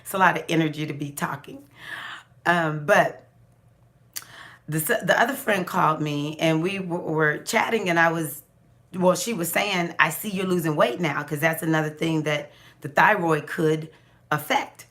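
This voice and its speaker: A woman casually telling a personal story to her viewers, animated, laughing and acting out what people said to her. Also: normal speed. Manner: animated, laughing, acts out quotes with big pitch jumps; many restarts and fillers, chatty. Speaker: astrology vlogger.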